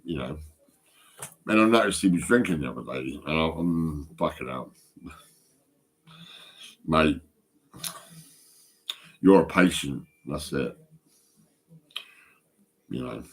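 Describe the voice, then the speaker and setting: A man with a very low, husky voice talks into his phone. He rambles, swears freely and stumbles over repeated words. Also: lively intonation, slow, long pauses. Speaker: vlogger. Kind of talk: casual rambling monologue.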